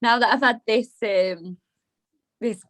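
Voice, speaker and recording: A woman's voice: fairly high pitch, slow pace, a bit bright. Bubbly young British woman guest. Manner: bubbly, laughs often. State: speaking with a freshly fitted dental brace. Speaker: interview guest. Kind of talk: casual interview chat.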